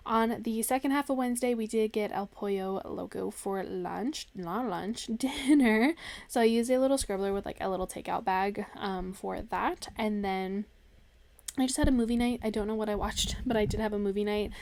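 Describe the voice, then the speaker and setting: A woman's voice: mid-range voice, normal speed, vocal fry, darkish tone, no echo. Bubbly rambling young woman vlogger. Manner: bubbly, rambling, laughs often, many fillers. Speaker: planner vlogger. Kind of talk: casual chatty planner walkthrough.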